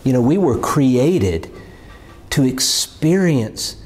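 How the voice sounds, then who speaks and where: A man's voice: medium pitch, big pitch swings, takes it slowly, a little mellow. A man preaching a sermon in an earnest, emphatic way, often repeating words as he builds a point.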